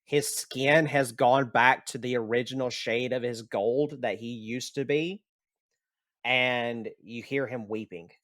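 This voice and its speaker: A man narrating a tabletop game as game master, in a slow and rambling way with restarts. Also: mid-range voice, steady tone, fairly bright tone.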